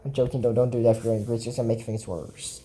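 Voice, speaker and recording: Low-voiced woman rambling through a cartoon recap. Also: fairly even intonation, racing, mellow. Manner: rambling, chatty, quotes the characters as she retells. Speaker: video commentator. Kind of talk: casual episode recap.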